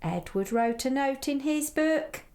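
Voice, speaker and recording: A woman reading a children's story aloud, gentle and expressive, playfully voicing the animal sounds. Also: sits high, measured pace.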